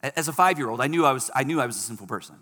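A man preaches from the front of a church, his voice sitting in an ordinary middle pitch. He tells stories with lively, punchy emphasis, then drops into quieter, earnest appeals. A long reverb from the large hall trails after each phrase. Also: rapid-fire. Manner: animated preaching, swings from loud emphasis to soft. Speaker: pastor. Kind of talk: sermon.

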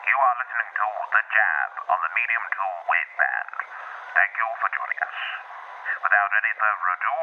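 A man's voice: on the low side, animated, fairly quick, phone-quality sound, slight background noise. A man voicing a peppy male radio announcer with a showy announcing delivery.

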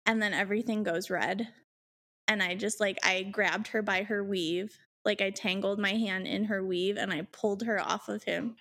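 Animated woman telling a wild story. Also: normal speed. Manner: animated, acts out quotes in higher voices; swears freely. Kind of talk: casual storytelling.

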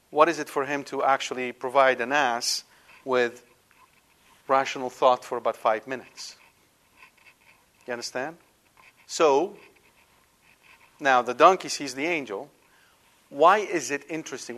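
Animated male Bible teacher. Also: on the high side. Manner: animated, rhetorical questions. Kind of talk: Bible study lecture.

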